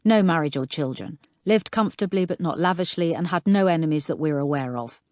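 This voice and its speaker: A woman voicing a brisk, commanding female detective inspector giving orders to her team. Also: low voice, lively intonation, darkish tone, dry recording, studio quality.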